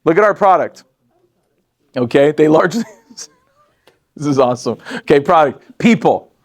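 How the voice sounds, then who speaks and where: A man in his forties running a live training session for a sales team, animated and joking, laughing often and talking straight to the room. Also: on the high side, normal speed. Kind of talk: live training talk to an audience.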